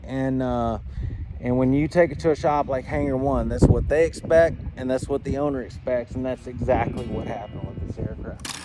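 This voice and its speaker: A man's voice: medium pitch, moderate pace, over loud music. A man from Georgia with a Southern accent, hosting a casual aircraft demo vlog in a hangar, chatting in a folksy way with lots of fillers. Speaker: flight instructor and aircraft demo host.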